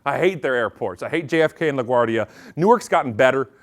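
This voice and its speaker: A man's voice: mid-range voice, fast. A Canadian man giving a comedic keynote talk on a conference stage, telling stories and acting out the quotes. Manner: animated storytelling with acted-out quotes. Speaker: keynote speaker.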